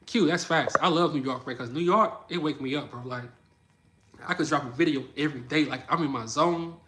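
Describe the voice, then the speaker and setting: A young man from New Orleans with a Southern drawl chats on a livestream and reads comments aloud. His slightly high, bright voice breaks often into laughter while he tells animated stories. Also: a little fast. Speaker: livestream host. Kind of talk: casual livestream chat reading comments.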